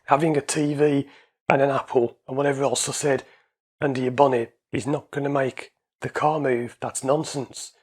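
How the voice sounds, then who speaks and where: Husky anxiety coach talking to camera. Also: male voice, medium pitch. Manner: conversational, repeats points, occasional chuckles. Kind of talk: casual explanatory monologue.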